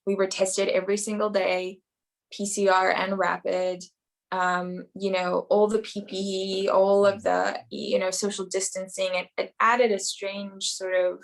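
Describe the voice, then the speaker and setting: A woman's voice: mid-range voice, level tone, a little slow, gravelly. A woman, an actress, talking casually in an interview and filling her sentences with "you know" and "um". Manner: rambling, many "you know" and "um" fillers.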